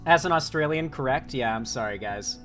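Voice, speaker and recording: A man from Florida chatting casually on a live stream, rambling and swearing, with a sore throat. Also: medium pitch. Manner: rambling, profane, excitable. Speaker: political commentary streamer.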